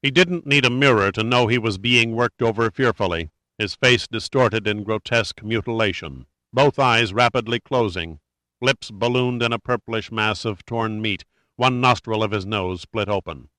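Male narrator for a gritty thriller read, steady and measured, sharp clear tone. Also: on the low side, no echo. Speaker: audiobook narrator. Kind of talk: dramatic audiobook narration.

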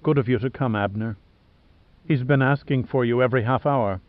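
A man voicing a caring grown daughter who speaks in a soft, gently coaxing way. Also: mid-range voice, brisk, no room sound, phone-quality sound, close to an everyday voice. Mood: gentle.

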